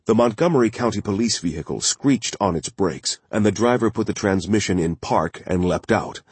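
Male thriller narrator, very low, husky, steady, dry booth sound. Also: no room sound. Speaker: audiobook narrator.

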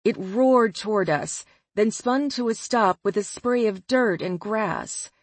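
A woman narrating a first-person audiobook in a measured, expressive way. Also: mid-range voice, no echo.

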